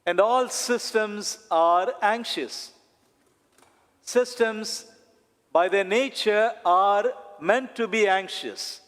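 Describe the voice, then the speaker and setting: Slow-preaching man in reverberant church. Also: high-pitched, a bit bright. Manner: slow, deliberate preaching with dramatic pauses and repetition. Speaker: priest. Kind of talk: sermon.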